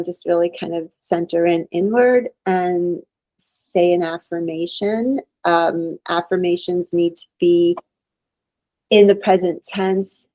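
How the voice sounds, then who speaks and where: A woman's voice: fairly low pitch, mellow, dry recording, poor audio. A middle-aged woman, a psychologist guest in a podcast conversation, explaining in an earnest, reassuring way and acting out the inner voices she quotes.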